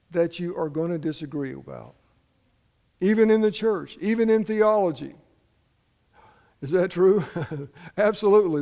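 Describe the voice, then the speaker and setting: A man's voice: sits high, a little mellow, long reverb tail. A man preaching a sermon as pastor, telling folksy stories and asking the congregation questions. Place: church sanctuary.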